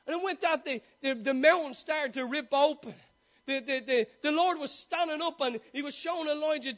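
A man's voice: very high voice, fairly bright tone. A male preacher delivering a sermon, full of rhetorical questions, repeated call-and-answer and stumbling restarts.

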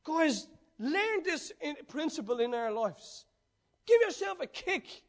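A man preaching a sermon, swinging between loud urging and hushed, almost whispered passages. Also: extremely high pitch, very animated, measured pace.

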